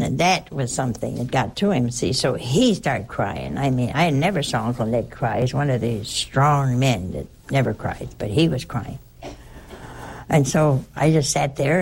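A woman's voice: very deep voice, gravelly, darkish tone, husky. An older woman, a nun, telling a personal story in a rambling, conversational way. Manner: rambling, conversational, with frequent restarts.

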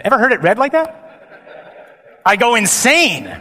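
A man, a priest, giving a lively and humorous conference talk with emphatic delivery. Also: very high voice, slow, pauses often, slight background noise. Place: large hall. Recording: long hall reverb.

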